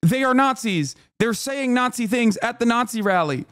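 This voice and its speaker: A man's voice: extremely high pitch, animated, moderate pace, a bit bright, a little hiss or hum. Profane, worked-up streamer man. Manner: emphatic, incredulous, heavy swearing. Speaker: streamer reacting to a clip. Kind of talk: reaction stream commentary.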